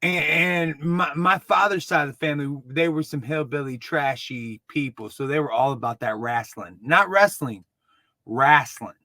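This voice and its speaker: A man in his thirties from Dallas with a Texan accent, rambling excitedly and mocking himself while reviewing a movie. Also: fairly high pitch, normal speed, few pauses, no echo. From Dallas, Texas. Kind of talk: casual video review.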